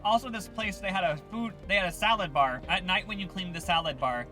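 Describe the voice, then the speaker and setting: A man's voice: high voice, fairly quick, sharp tone, faint music behind. A man co-hosting a casual chat, laughing and reacting as he reads stories aloud. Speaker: co-host.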